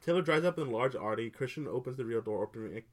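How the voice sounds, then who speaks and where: A woman's voice: very deep voice, animated, quick pace. A woman co-hosting a casual chat, recapping a book in a rambling way, with frequent laughs and casual swearing. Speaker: podcast co-host.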